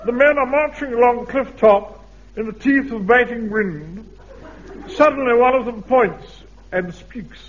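An actor playing a pompous, self-important middle-aged Home Guard captain in a radio sitcom. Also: male voice, extremely high pitch, a little slow. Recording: muffled old radio recording with hiss.

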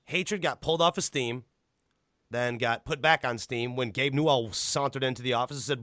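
A man hosting a casual chat, ranting animatedly with a lot of swearing, and jumping to high pitch when he stresses a point. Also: moderate pace, sharp tone, dry recording, clean studio sound.

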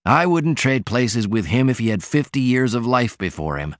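A man's voice: medium pitch, animated, normal speed, dry recording, studio quality, lightly acted. A man voicing an ailing, sardonic male poet who speaks with scornful, passionate declamation.

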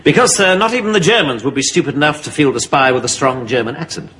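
An actor playing a world-weary army captain who speaks in a dry, sarcastic, measured way. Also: male voice, fairly high pitch, expressive, background noise, close to an everyday voice. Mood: smug.

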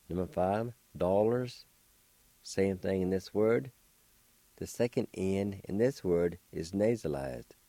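A middle-aged man with a low, mellow voice teaches vocabulary on the radio. He speaks slowly, spells each word letter by letter and repeats it with patience. The sound is close and dry. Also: expressive, dry recording. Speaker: radio language teacher and host.

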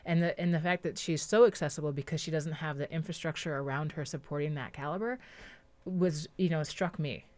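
A woman's voice: low voice, fairly even intonation, a little fast, a little mellow. A woman guest on a radio show, talking casually with many fillers and laughing easily. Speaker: documentary filmmaker guest. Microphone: studio microphone.

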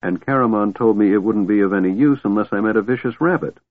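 A man's voice: fairly low pitch, fast, dry recording, lightly acted. A man voicing a cheerful, fearless small male kender who talks in a chatty, boastful way. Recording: tinny, dry, phone-like sound.

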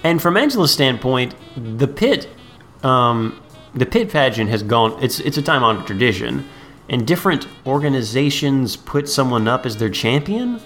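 A man's voice: mid-range voice, sing-song, fairly bright tone, faint music behind. A man co-hosting a podcast, recapping a movie in casual chat and acting out characters' lines. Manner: acts out characters' lines in quick voices. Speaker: podcast co-host.

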